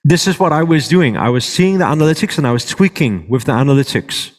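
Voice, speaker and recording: A man's voice: fairly high pitch, expressive, fast talker. A man teaching a live workshop to an audience, checking in with them often and moving around as he speaks. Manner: moves around while speaking. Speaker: workshop presenter. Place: large hall with a live audience. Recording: reverberant hall.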